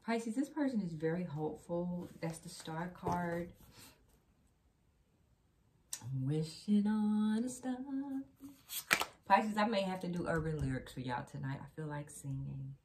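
Chatty woman tarot reader, lowish voice. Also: moderate pace, hardly any pauses, a little mellow, slight background noise. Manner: chatty, repeats phrases, addresses the viewer directly. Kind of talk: casual tarot reading to camera.

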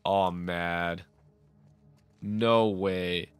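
A man's voice: low-pitched, steady tone, drawn-out words, clean tone, soft background music. A man giving casual commentary while playing a game, jumpy and exasperated, often swearing and laughing. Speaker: let's play gamer.

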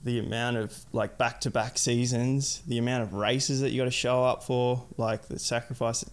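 A man's voice: medium pitch, flat delivery, moderate pace. A young adult man chatting casually as a podcast guest, rambling and filling his sentences with "like". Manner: rambling, heavy use of "like". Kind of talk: casual chat.

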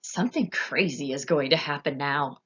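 A woman voicing a curious, eager young boy in a storybook reading, with a wondering, higher voice. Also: normal speed, a bit bright, slightly rough, highs cut off. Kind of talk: storybook character voice.

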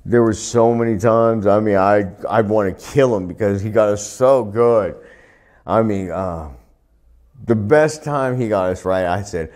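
A retired wrestler telling profane, laughing stories in a sit-down interview, recorded on a lapel mic indoors. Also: male voice, lowish voice, a little slow. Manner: profane, laughing, animated anecdotes. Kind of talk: storytelling shoot interview.

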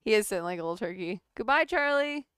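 A woman's voice: mid-range voice, animated, quick pace, a bit bright, clear, resonant tone, no echo, clean studio sound. A woman chatting casually on a sewing livestream, laughing often and reading chat aloud.

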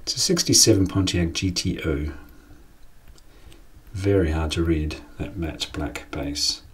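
A man's voice: low voice, unhurried. A man, hosting a casual collecting vlog as an enthusiastic, chatty storyteller. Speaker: collector and channel host. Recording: distant from the mic.

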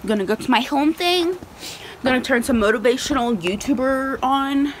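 A young adult woman vlogs casually at home and in her car, rambling into a handheld phone with lots of fillers like "um" and "like." Her voice is high and her pace normal, and the poor audio carries a little hiss or hum.

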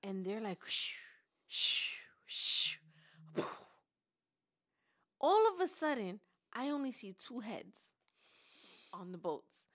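A woman's voice: mid-range voice, very animated, unhurried, pauses often, a little mellow. A woman co-hosting a podcast, telling a story dramatically, acting out other people's voices and laughing as she goes. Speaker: podcast co-host. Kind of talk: animated storytelling chat.

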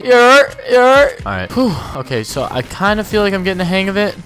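A young man hosting a gaming channel, giving excitable, profane, self-mocking gameplay commentary. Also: high-pitched, fast, soft background music.

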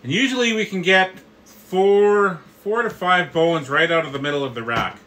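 Bright-voiced barbecue instructor, a man. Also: high-pitched, normal speed, poor audio. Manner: friendly, explanatory, addresses viewers as guys. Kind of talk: live cooking tutorial.

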